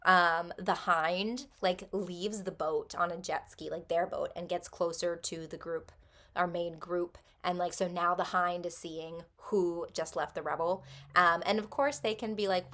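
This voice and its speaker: A woman's voice: on the low side, steady tone, normal speed, a bit bright. A woman casually recapping a book plot in a chatty way, with many ums and likes. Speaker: book vlogger.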